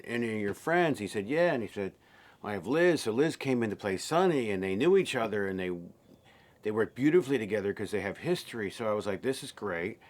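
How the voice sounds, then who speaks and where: A man with a fairly low voice talks through how he made a film. His delivery is loose and unscripted, full of fillers and restarts. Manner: relaxed, rambling with fillers and restarts. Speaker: film director. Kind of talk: behind-the-scenes interview.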